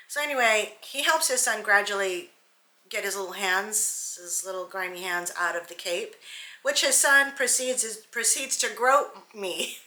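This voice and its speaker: Woman hairstylist, chatty and candid, bright voice, roomy sound. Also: medium pitch, measured pace. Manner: candid, animated, digressive. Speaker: hairstylist and salon owner. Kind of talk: casual storytelling vlog. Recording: roomy echo.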